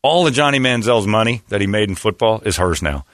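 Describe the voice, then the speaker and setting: A man from Indiana hosting a sports talk show, mocking and animated, slipping into put-on voices. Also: on the low side, a little fast, dry recording, clean studio sound. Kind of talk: casual sports banter.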